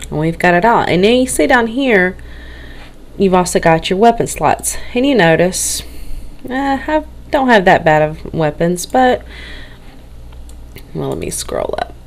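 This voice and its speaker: A woman's voice: fairly low pitch, big pitch swings, measured pace, vocal fry, long pauses. A woman with a Southern US accent, tired and a bit nervous, rambling and getting tongue-tied as she talks through a game feature in a casual walkthrough. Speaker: game tutorial narrator. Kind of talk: casual screen-recorded walkthrough.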